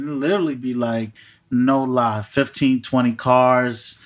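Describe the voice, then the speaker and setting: A man's voice: medium pitch, steady tone, a little slow. Slangy man in casual chat. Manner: loose, slangy, profane. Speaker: musician.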